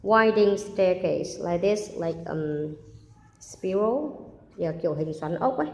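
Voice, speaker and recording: A woman who reads a children's story aloud and patiently stops to explain new words. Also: mid-range voice. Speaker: English teacher. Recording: echoey room with long reverb.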